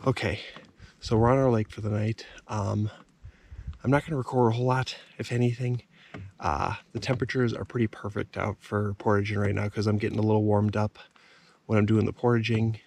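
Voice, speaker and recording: A young man vlogging outdoors by a lake at night, talking to the camera in a hushed, easygoing way. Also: a little fast, gravelly. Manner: hushed and easygoing, then excited high baby talk to his dog. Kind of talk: casual narration to camera. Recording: distant camera mic, loud outdoor noise.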